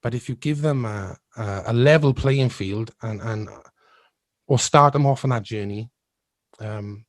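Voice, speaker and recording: A man's voice: mid-range voice, a little slow, dry recording. A man hosting a podcast in casual chat, musing at length and laughing often. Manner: thoughtful, rambling, often laughs. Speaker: podcast host.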